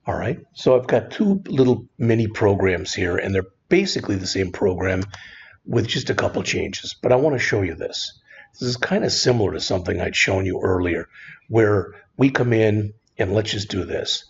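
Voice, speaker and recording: Gravelly, husky man teaching code. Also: lowish voice, normal speed, dull audio. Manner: relaxed, conversational, frequent "all right". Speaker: programming instructor. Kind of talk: screen-recorded coding lesson.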